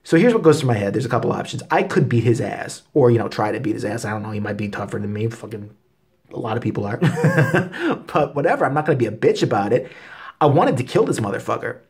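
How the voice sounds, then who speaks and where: Husky-voiced man on a profane rant. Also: mid-range voice, very animated, fast talker, a little mellow. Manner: angry, expletive-heavy storytelling. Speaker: vlogger.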